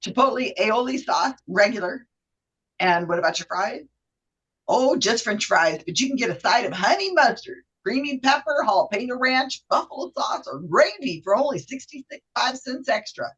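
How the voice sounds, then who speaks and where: A woman's voice: on the high side, lively intonation, moderate pace, fairly bright tone, slightly rough, muffled recording. A woman voicing a cheerful drive-through worker who reads out the menu in a sing-song way and trips over some words. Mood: perky, upselling. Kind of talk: acted drive-through order for a trivia game.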